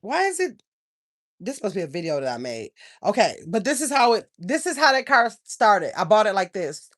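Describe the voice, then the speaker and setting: A woman's voice: mid-range voice, big pitch swings, moderate pace. Older lady rambling on her livestream, calls everybody y'all. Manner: chatty, rambling, addresses viewers as y'all. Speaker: channel host. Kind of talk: casual livestream chat.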